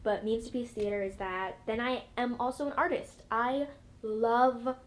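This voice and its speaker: A woman's voice: on the high side, steady tone, moderate pace, a little hiss or hum. A young woman, an actress, chatting in an interview with a bubbly, rambling manner full of fillers. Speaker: actress guest. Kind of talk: casual interview.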